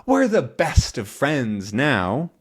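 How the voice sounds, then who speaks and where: A man's voice: medium pitch, huge pitch swings, takes it slowly, heavily acted. A man voicing a brave, cheerful young male reporter hero from a comic, speaking in a reassuring, upbeat way.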